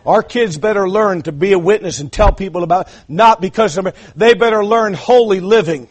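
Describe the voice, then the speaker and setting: Preacher man w a really high voice, fiery, goes quiet then hollers. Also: brisk. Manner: impassioned, swings from hushed asides to shouted climaxes. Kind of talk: revival sermon.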